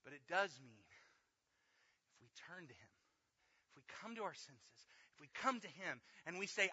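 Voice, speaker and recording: A man preaching a sermon as pastor, swinging between loud emphatic calls and quiet, nearly whispered line endings. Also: fairly high pitch, very animated, moderate pace, long pauses, husky. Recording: dull lo-fi sound.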